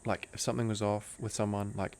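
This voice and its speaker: A man's voice: fairly low pitch, little pitch movement, fast talker, a little hiss or hum. A man telling a personal story in a casual, earnest way, full of laid-back slang. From Australia. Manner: laid-back slang, calls the host bro; earnest and emotional, drifts into soft hushed tones. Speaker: guest, breathwork teacher.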